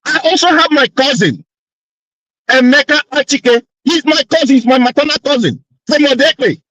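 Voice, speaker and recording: A man's voice: very high-pitched, moderate pace, fairly bright tone, no room sound, dull audio. A man on an online panel debate, arguing insistently and repeating his points. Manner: insistent, argumentative, repeats himself.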